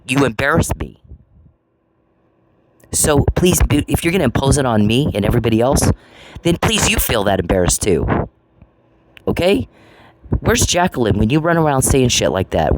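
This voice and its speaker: A man in an angry monologue, confrontational and profane, repeating taunting questions. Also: mid-range voice. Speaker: vlogger. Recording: noisy recording with clicks.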